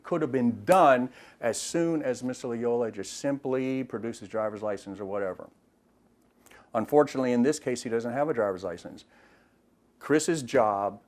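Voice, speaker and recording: Retired cop explaining, plain and steady. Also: male voice, mid-range voice. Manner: plain, explanatory, repeats words while thinking. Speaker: retired police officer, de-escalation trainer. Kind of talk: explaining in an interview.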